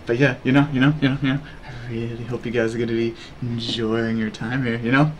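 A man's voice: medium pitch, level tone, brisk, a little hiss or hum. A young man with a sore throat chatting casually to his livestream viewers, rambling and repeating fillers. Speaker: streamer.

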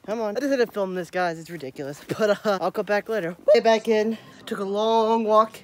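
A woman's voice: medium pitch, a little fast. A young woman chatting casually in a home vlog and coaxing her dog along. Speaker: vlogger.

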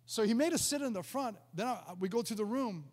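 High-voiced male pastor in a reverberant hall. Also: animated, fairly quick, darkish tone. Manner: storytelling, stammers and repeats words. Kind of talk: sermon with personal testimony. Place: church sanctuary.

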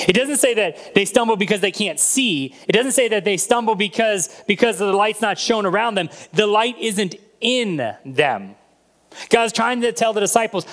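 A man's voice: high-pitched, lively intonation, moderate pace, fairly bright tone. A man preaching a sermon as a pastor, retelling a Bible story and acting out the voices in it.

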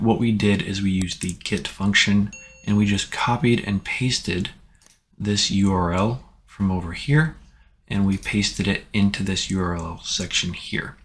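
A man with a very low voice talks through a screen tutorial one step at a time. His delivery is relaxed and plain, with casual fillers between the instructions. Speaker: tech tutorial host.

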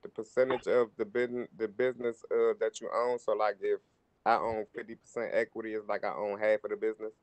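A male student asks a hesitant question from across a classroom. His voice is low and flat. It sounds distant and quiet on the recording. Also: quick pace, dry recording. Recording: distant from the mic.

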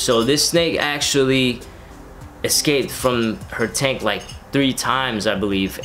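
A man in his thirties telling a personal story in a rambling, casual way, full of fillers and relaxed slang. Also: mid-range voice. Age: 30s. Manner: rambling, filler-heavy, laid-back slang. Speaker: reptile keeper and vlogger.

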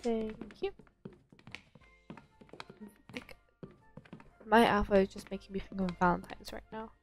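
A woman's voice: medium pitch, fairly even intonation, unhurried, soft background music. A young woman giving casual commentary while playing a bakery game, chatting to herself and to the customers in the game. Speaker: gaming channel host.

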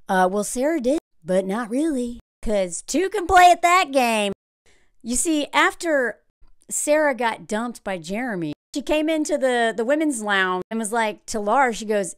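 A sarcastic, animated woman, riffing on a reality show in a casual vlog. Her fairly high voice jumps all over in pitch, and the sound is close and dry. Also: normal speed, no echo. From Southern United States. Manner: animated, sarcastic, frequent "like" fillers. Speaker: reality TV commentator.

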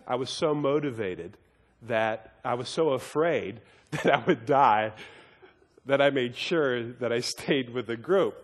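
A man's voice: mid-range voice, big-room sound. A man teaching a Bible study as a sermon, earnest and emphatic, often repeating and restarting his words as he tells a story.

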